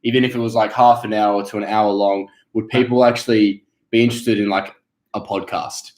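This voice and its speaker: A young man hosting a casual livestream chat, blunt and excitable, swearing freely. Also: lowish voice, brisk. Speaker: YouTuber host. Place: living room of a house. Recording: roomy indoor echo.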